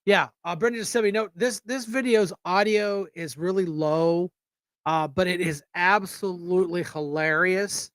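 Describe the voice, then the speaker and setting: A man's voice: high-pitched, normal speed, fairly bright tone, smooth, dry recording. Blunt rambling male livestream host. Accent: Erie, Pennsylvania. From United States. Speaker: show host. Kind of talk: casual political livestream talk.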